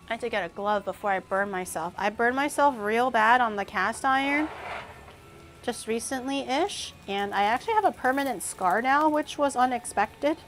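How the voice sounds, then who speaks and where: A young woman running a cooking livestream chats casually, thinking out loud and snapping back at her chat. Her voice is a little high and a bit bright.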